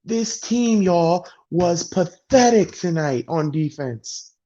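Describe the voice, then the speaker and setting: A man's voice: high-pitched, expressive, slow, warm tone. A man ranting bluntly and with exasperation as a sports vlogger venting about his football team. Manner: exasperated, blunt, heavy sighing. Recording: dull lo-fi sound.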